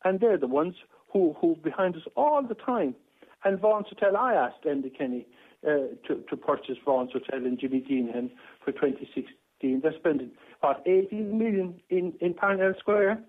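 An older man from rings in to a radio show, his voice sitting fairly high and coming through a thin, tinny phone line. He talks in an aggrieved, rambling way, circling back with many restarts and repeated words. The sound is dry and close. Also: moderate pace, dry recording. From Ireland. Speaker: caller.

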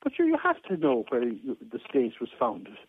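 A man's voice: medium pitch, huge pitch swings, moderate pace, slightly rough, no echo. Aggrieved man on a tinny phone line. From Ireland. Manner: aggrieved, rambling with many restarts and repetitions. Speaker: caller. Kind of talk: phone-in radio talk.

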